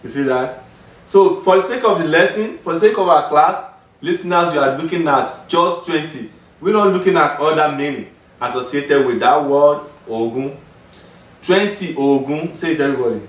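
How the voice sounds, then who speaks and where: A man with a Nigerian accent teaching Yoruba, slowly drilling words and repeating them for a student. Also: on the high side. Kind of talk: patient classroom teaching. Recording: roomy sound, mic far off.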